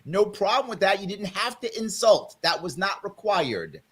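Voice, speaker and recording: A man hosting a live panel talk show by video call, calmly but firmly trying to settle a heated guest. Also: high-pitched, moderate pace, husky. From South Bronx, New York. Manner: firm, tries to calm a heated guest. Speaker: host.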